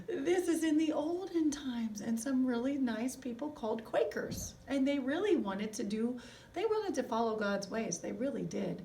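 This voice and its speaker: A woman music teacher gives a recorded video lesson to young children, speaking slowly and encouragingly and asking them lots of questions. Her voice sits high, with lively intonation and a creaky, mellow texture. The mic is distant, with a little hiss or hum.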